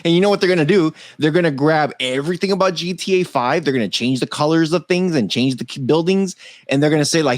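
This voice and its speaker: Fast-talking and fairly high-pitched, this male podcast co-host chats casually about tech news, cracking jokes, laughing a lot and cursing freely. The recording has no room sound.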